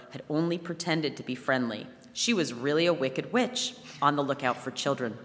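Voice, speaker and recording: A woman reads a fairy tale aloud at a live museum event, telling it in an animated way. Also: low voice. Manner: animated storytelling. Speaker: reader. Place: museum hall, before an audience. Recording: long hall reverb.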